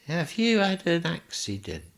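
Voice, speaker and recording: A man putting on a manic, joking friend with a shrill, squeaky voice. The voice is loud and gleeful, teasing someone laid up in a hospital bed. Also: huge pitch swings, a little slow, gravelly, exaggerated voice.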